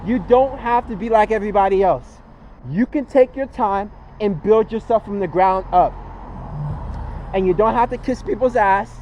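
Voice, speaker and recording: Man, 20s, high voice, earnest and repetitive, filler-heavy self-help vlog talk, faint street noise. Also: moderate pace, a little mellow, poor audio. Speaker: vlogger. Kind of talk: casual motivational monologue.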